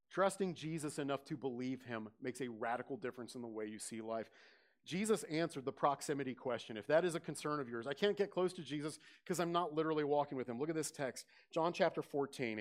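Male pastor, lively sermon delivery, questions to the room. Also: mid-range voice. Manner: animated preaching, questions to the congregation, rising loud on quoted scripture.

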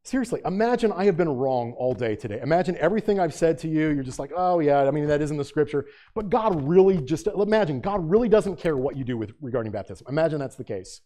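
A man's voice: on the high side, big pitch swings, quick pace, few pauses, warm tone. A man preaching a sermon as pastor, asking his congregation rhetorical questions and rising to fervent emphasis.

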